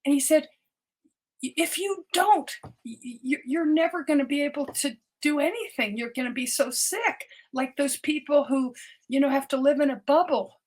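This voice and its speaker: A woman's voice: sits high, normal speed, a little mellow. An older woman, a doctor, telling her personal story as a podcast guest, earnest and often repeating words as she restarts her sentences.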